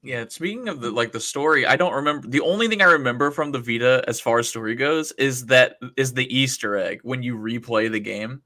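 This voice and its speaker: Bright-sounding guy on a podcast, excited, rambles through his stories. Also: medium pitch, a little fast, few pauses. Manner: enthusiastic, chatty storytelling. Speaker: podcast guest. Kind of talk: casual podcast chat.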